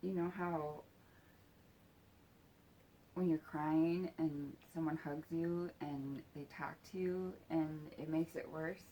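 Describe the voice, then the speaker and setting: A woman telling a personal story in a halting, soft-spoken way, with casual swearing. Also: low voice, steady tone, a little hiss or hum.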